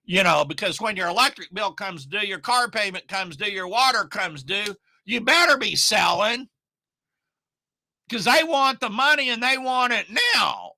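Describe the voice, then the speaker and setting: A middle-aged man from Oklahoma coaching online marketers, speaking in a folksy, emphatic way with loud bursts. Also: sits high, lively intonation, a little slow, gravelly, no room sound. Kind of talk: motivational talk to camera.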